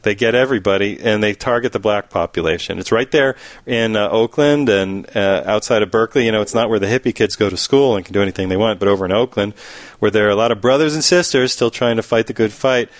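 A low-voiced man hosts a talk radio show, rambling and emphatic as he tells his stories. The sound is dry and close, with no room echo. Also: fast. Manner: animated, rambling, emphatic storytelling. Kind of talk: casual talk radio chat.

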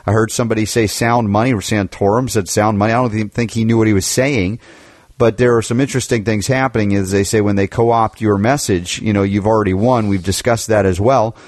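A man's voice: on the low side, fairly even intonation, fairly quick, a little mellow, no room sound. A man hosting a political talk radio show, chatting with a guest in an opinionated, rambling way with many restarts.

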